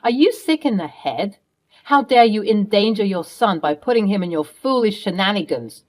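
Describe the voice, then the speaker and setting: A woman's voice: mid-range voice, expressive, moderate pace, natural voice. A woman voicing a protective middle-aged mother who confronts her husband firmly. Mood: accusing. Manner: firm, accusing, commanding.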